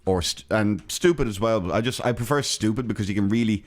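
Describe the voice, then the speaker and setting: A man's voice: fairly low pitch, brisk. A man co-hosting a podcast, joking and rambling through casual banter with lots of restarts. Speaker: podcast co-host. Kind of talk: casual chat.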